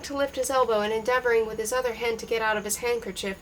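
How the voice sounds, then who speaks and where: A woman reading a novel aloud in an even, unhurried way, lightly voicing the dialogue. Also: fairly high pitch, a little hiss or hum, low-quality recording. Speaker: reader.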